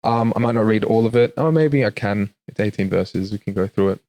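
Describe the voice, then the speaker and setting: A man's voice: lowish voice, a little fast, dark tone. A man hosting a faith podcast, chatting hesitantly with many "um"s and reading scripture aloud. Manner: hesitant, lots of "um"s, laughs easily. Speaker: podcast host.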